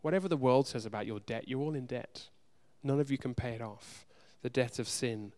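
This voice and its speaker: Man, pastor, sermon, middle pitch, smooth clear voice, earnest, alternating urgent and hushed. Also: a little fast, hardly any pauses. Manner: earnest, direct address to the congregation; shifts between loud urgency and soft hushed moments.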